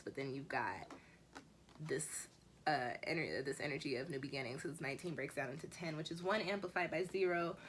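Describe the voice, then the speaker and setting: Low-voiced woman giving a casual tarot reading. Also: a bit bright, slight background noise. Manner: casual, rambling, with mild swearing. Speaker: tarot reader.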